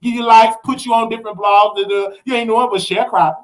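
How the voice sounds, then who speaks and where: A man with a Southern US accent, hosting and ranting in animated commentary, preachy and mocking. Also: high-pitched, fast. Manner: preachy, mocking, acts out quotes in other voices. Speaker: host.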